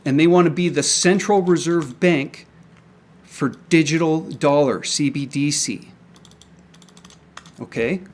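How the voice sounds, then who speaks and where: A young adult independent crypto commentator rants to camera about markets in anger, swearing often and stumbling through restarts. His voice is on the high side, slow, with frequent pauses, and it's picked up by the camera mic.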